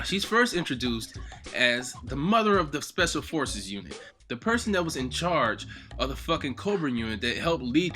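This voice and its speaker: Dude ranting about game characters, cusses a ton, kinda high voice, faint music behind. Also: male voice. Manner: excitable and heavily profane; acts out game lines in loud bursts. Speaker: gaming video host. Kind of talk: casual ranking commentary.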